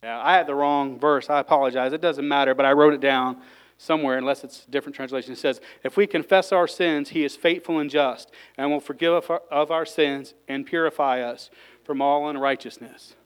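Lay preacher, man, heartfelt and excitable; resonant, clean voice pitched a bit high. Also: a little fast, clear, resonant tone, poor audio. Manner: fervent, gets worked up, sighs and exclaims between points. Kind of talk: emotional sermon.

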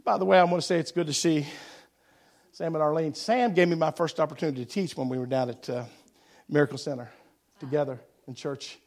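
A middle-aged male pastor preaching a sermon, telling folksy stories that swell into shouted preaching. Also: on the high side, a little fast.

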